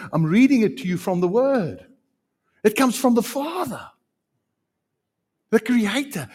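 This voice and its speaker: A man with a voice on the high side preaches a sermon, swinging between loud, emphatic lines and hushed ones.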